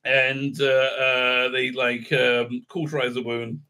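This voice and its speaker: A man hosts a casual recap and review of a TV episode in a medium-pitched voice with a level, sharp tone, taking his time. He is sarcastic and mocking, slipping into silly put-on voices.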